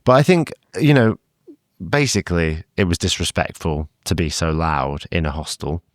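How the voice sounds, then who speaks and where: Deep-voiced wry male co-host. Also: very animated, moderate pace, no echo, studio quality. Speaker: podcast co-host. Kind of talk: casual chat.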